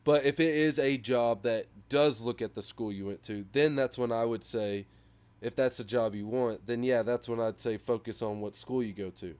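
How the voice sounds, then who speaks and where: Rambling and leaning heavily on fillers, a young male podcast co-host chats casually, livening up whenever he describes memes. He talks at a normal speed in a smooth, medium-pitched voice.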